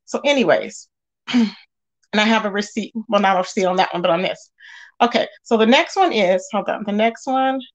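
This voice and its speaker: A woman hosting a casual gossip commentary, talking straight to her viewers in an animated way with lots of fillers. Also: mid-range voice, normal speed, dull audio. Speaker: commentary channel host.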